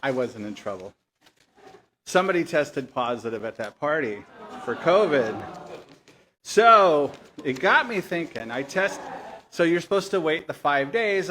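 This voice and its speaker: A man's voice: medium pitch, expressive, normal speed, fairly bright tone, slight background noise. A man hosting a live story night, chatting and joking with the audience between acts. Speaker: event host. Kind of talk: casual emcee chat with an audience.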